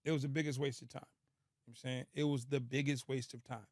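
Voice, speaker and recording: A middle-aged man telling a story as a podcast guest, animated, with street slang and emphatic repetition. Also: medium pitch, quick pace, gravelly, no echo, studio quality.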